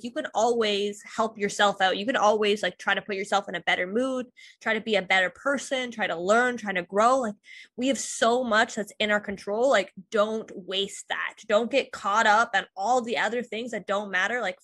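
Young woman guest, higher voice, dry close sound, chatty with lots of "like". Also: fairly bright tone, no room sound. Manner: chatty, fills speech with "like", laughs easily. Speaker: podcast guest. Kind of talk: casual conversation.

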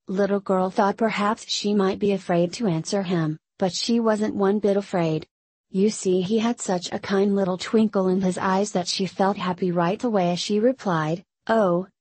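A woman reading a children's story aloud in a gentle manner, speaking to her listeners as children. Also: mid-range voice, breathy edge, no echo, poor audio. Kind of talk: read-aloud Christmas storytelling.

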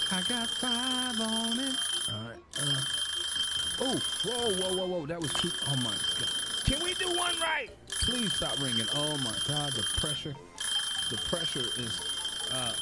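A man's voice: fairly high pitch, heavy background noise. A man narrating a cooking game, talking to viewers and getting flustered and panicky. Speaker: gaming YouTuber. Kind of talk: casual gameplay commentary. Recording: loud game music behind.

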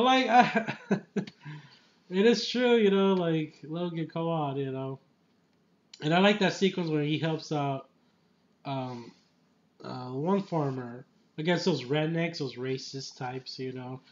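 Rambling, excitable man reviewing a film. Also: on the high side, takes it slowly, long pauses, highs cut off. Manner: rambling and enthusiastic, many fillers and restarts; laughs often mid-sentence. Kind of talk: casual spoiler movie review.

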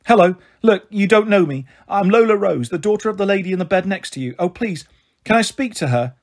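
A man's voice: sits high, animated, fairly quick. A man voicing an anxious young girl who pleads urgently on the phone for her mum, in a storybook reading. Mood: pleading.

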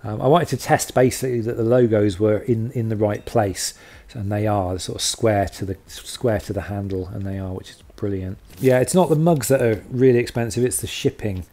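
A man's voice: lowish voice, moderate pace, few pauses, mellow. A man hosting a casual video log, chatty and self-deprecating, rambling with lots of fillers. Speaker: channel host.

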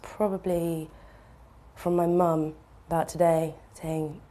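Deep, husky, gravelly woman. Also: little pitch movement, takes it slowly, warm tone. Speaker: actress interviewee. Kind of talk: casual interview answers.

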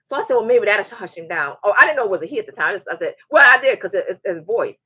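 A woman in her forties hosting a live show, chatting and telling a story in a lively way, often restarting her sentences. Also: mid-range voice, rapid-fire, breathy edge, no room sound. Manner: animated, repeats words as she restarts, acts out quoted voices. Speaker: show host. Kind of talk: casual livestream chat and storytelling.

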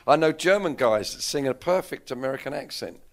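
A man's voice: mid-range voice, expressive, a little fast, creaky. A man in his sixties with an English accent, answering interview questions in a rambling, candid way that keeps correcting itself. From England. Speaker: interviewed musician. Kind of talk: casual interview chat.

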